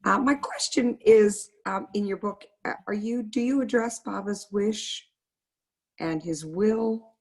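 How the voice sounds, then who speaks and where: A woman's voice: medium pitch, unhurried, breathy edge. A woman on a video call asking the speaker a question about his book. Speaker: audience member asking a question.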